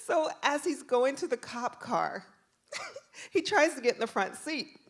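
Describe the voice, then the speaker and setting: A woman performing a true story on stage, animated and laughing as she acts out the voices. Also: sits high, a little slow, husky. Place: stage at a live venue.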